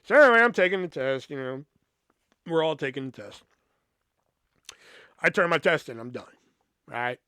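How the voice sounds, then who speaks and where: A man's voice: on the high side, very animated, normal speed, long pauses, sharp tone, clean tone, no echo. A man hosting a podcast, telling a long, rambling story from his school days with lots of swearing and filler words. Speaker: podcast host. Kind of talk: casual storytelling.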